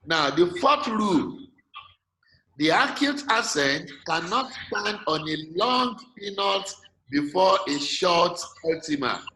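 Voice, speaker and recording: A man's voice: sits high, expressive, slow, pushed and bright. A man with a Nigerian English accent teaching an online class, patiently checking that his students follow. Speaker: lecturer. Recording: echoey room, faint noise.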